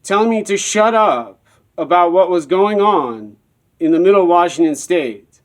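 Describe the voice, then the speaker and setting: A man's voice: high-pitched, expressive, normal speed. A man telling a personal story in a rambling, repetitive monologue.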